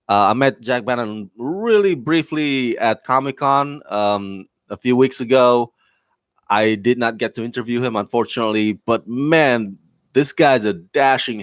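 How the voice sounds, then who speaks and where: Man, casual review, mid pitch, rambling, lots of ums and restarts, upbeat, dry close sound. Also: no room sound. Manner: rambling with many fillers and restarts; enthusiastic, laughs often.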